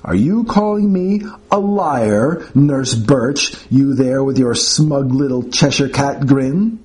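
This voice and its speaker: A man's voice: mid-range voice, takes it slowly, darkish tone, lightly acted. A man voicing an imperious, grumpy old male professor on his sickbed, who barks and bellows in a pompous manner.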